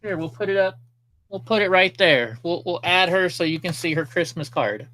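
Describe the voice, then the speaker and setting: A man's voice: high-pitched, lively intonation, normal speed, pushed and bright. A man hosting a casual political news livestream, talking sarcastically, laughing at clips and chatting with viewers. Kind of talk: casual commentary.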